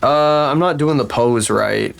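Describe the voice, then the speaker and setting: A man's voice: medium pitch, unhurried, vocal fry, faint music behind. A man with the flu, chatting casually on a livestream in a rambling, profane, incredulous way. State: sick with flu. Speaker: streamer.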